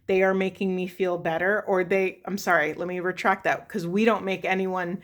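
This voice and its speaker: A woman's voice: lowish voice, fairly even intonation, normal speed. A woman talking through a spiritual tarot reading for her viewers, emotional and often correcting herself as she goes. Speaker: tarot reader.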